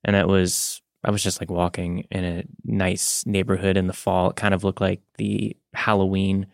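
Low gravelly man chatting casually. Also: moderate pace, dry recording, clean studio sound. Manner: relaxed, rambling, laughs often. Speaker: podcast co-host. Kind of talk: casual chat.

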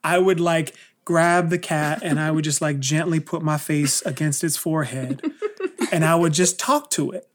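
A woman's voice: deep voice, steady tone, moderate pace. A woman co-hosting a podcast, telling rambling stories in casual chat with lots of "like". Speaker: podcast co-host.

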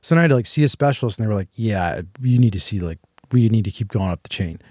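A man's voice: lowish voice, expressive, fast, a little mellow, no echo, studio quality. A man hosting a podcast, telling a long personal story in a rambling way, full of "like" and restarts, acting out what others told him. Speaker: podcast host. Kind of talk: casual storytelling chat.

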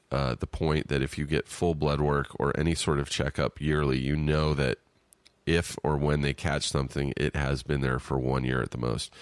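Very deep-voiced man, podcast host. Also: no room sound. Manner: loose, rambling, with filler words and restarts. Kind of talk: reading a listener email and chatting.

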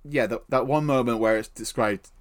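A woman's voice: a bass voice, normal speed. A woman co-hosting a podcast in casual chat, joking and swearing freely. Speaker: podcast co-host.

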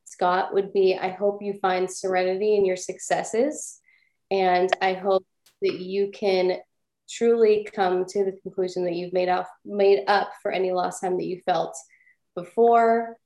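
Woman, mid pitch, emotional thank-you message, roomy sound. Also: darkish tone. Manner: grateful, emotional. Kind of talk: heartfelt birthday message.

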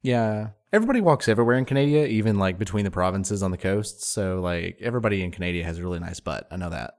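A man's voice: low-pitched, expressive, fast talker, a little mellow. A man co-hosting a podcast, joking and riffing in casual chat. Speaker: podcast co-host.

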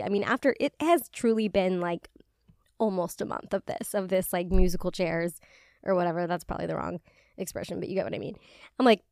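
A woman's voice: medium pitch, moderate pace, clear, resonant tone, no echo. Chatty woman podcast host, dry close mic. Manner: chatty, swears freely, peppered with "like". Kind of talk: casual solo podcast chat.

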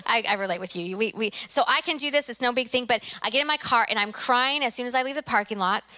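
A woman's voice: on the high side, fast talker, pushed and bright. A middle-aged woman, a university president, preaching an earnest sermon in a church and acting out her own prayers. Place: church sanctuary.

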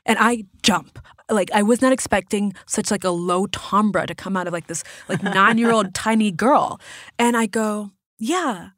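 A woman's voice: medium pitch, moderate pace, no room sound. A woman guest in a studio, telling a story casually and acting out the voices, with many "like" fillers. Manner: animated, acts out quotes, many "like" fillers. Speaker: podcast guest.

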